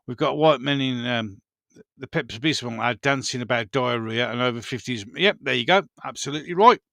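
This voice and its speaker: Brummie host in his fifties, candid and chatty, crisp forward voice, no room echo. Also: medium pitch, brisk, a bit bright, studio quality. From Birmingham, England. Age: 50s. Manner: chatty, rambling, frank, swears casually. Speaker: channel host. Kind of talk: casual live-stream chat.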